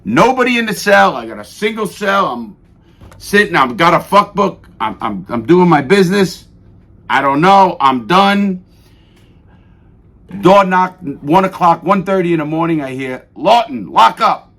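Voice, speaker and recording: A middle-aged man telling prison stories on a radio show, profane and animated, cursing freely. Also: high-pitched, measured pace. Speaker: guest. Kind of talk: radio interview storytelling.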